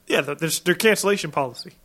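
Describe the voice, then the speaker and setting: A man's voice: sits high, expressive, very fast, a bit bright. A laid-back man co-hosting a casual podcast chat who says "man" a lot and laughs easily. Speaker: podcast co-host.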